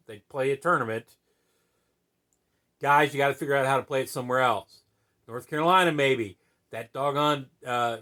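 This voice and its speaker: A channel host rambles through his opinions in a casual vlog, full of fillers and tag questions. His voice is a little high with a fairly bright tone.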